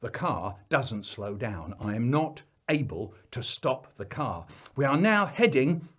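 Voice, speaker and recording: Animated man telling a funny story. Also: medium pitch, a little slow, slightly rough. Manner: animated, playful. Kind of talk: comic storytelling.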